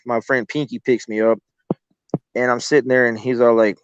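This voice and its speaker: A man's voice: medium pitch, flat delivery, normal speed, clean tone, dry recording. A man casually telling a long story as a guest, swearing freely and rambling with restarts. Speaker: guest telling encounter stories. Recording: slightly dull lo-fi audio.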